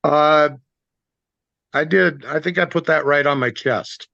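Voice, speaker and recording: A man's voice: a little high, takes it slowly, gravelly, pushed and bright, no room sound, highs cut off. A man giving a plainspoken personal testimony on a video call. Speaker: guest sharing a testimony.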